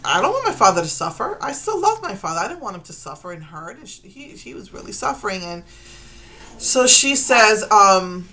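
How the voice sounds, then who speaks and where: Bright-voiced emotional middle-aged woman. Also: mid-range voice, big pitch swings, a little fast, a little hiss or hum. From Puerto Rico. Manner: emotional, rambling, with restarts. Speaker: vlogger. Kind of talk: personal confessional monologue.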